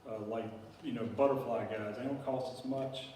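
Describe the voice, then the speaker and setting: It's a casual, meandering plant presentation for a small local crowd, delivered by a man whose mid-range voice is steady and a little mellow at a moderate pace. Fillers crop up constantly in his folksy style, and the room sounds echoey, with a distant mic and faint hiss.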